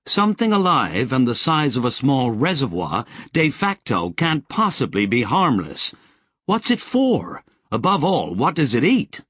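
A man's voice: medium pitch, very animated, unhurried, fairly bright tone, husky, no room sound, studio quality, voice pushed up, heavily acted. A man voicing a blunt, impatient woman who snaps and growls her words. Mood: exasperated. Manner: snappish, growling.

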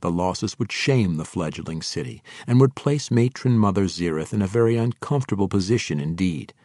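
A man narrates a fantasy novel in a steady, measured way. His voice sits very low. The recording is dry and close, with no room sound. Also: dry recording. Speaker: audiobook narrator.

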